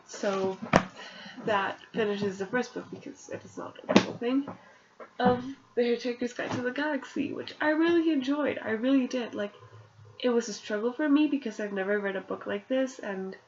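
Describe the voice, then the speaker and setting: Woman, sick, runny nose, casual rambling book summary, middle pitch, muffled lo-fi sound. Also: gravelly, a little mellow, a little hiss or hum. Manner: chatty, rambling, with fillers and little laughs. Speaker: book reviewer recapping chapters.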